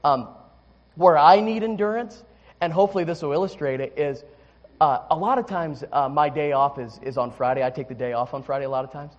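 A man's voice: a little high, a little fast, highs cut off. A man preaching a sermon, telling a candid personal story with many restarts before turning to scripture. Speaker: pastor.

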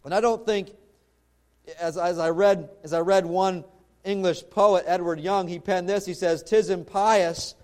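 A man with a notably high voice delivers a sermon in a conversational storytelling style. He restarts phrases often and moves easily between family anecdotes and exhortation. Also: fairly even intonation, normal speed, a little mellow. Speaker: pastor.

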